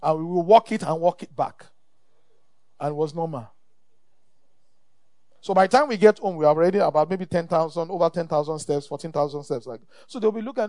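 A man's voice: sits high, lively intonation, brisk, darkish tone, no echo, clean studio sound. A middle-aged Nigerian man preaching a sermon as pastor, emphatic and repeating his phrases, calling the congregation for amen.

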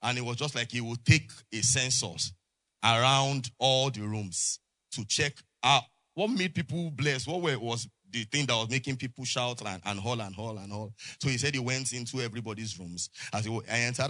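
A man's voice: mid-range voice, normal speed, sharp tone, no echo. A man preaching a sermon to his congregation, prompting them with call-and-response and frequent amens. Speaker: pastor. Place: church.

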